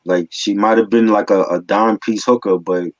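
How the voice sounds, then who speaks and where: Man, low voice, slangy, opinionated, casual review chat, dry dull sound. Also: steady tone, normal speed, no echo. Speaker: album review co-host.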